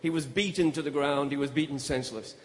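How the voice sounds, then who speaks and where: A man giving a storytelling speech on stage as a guest speaker, in a measured, grave way. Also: on the high side. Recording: echoey hall.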